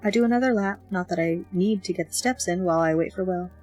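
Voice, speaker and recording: A woman narrating a young-adult novel in the first person, with expressive, lively delivery of the dialogue. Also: on the low side, fast, low-quality recording. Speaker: audiobook narrator. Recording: faint background music.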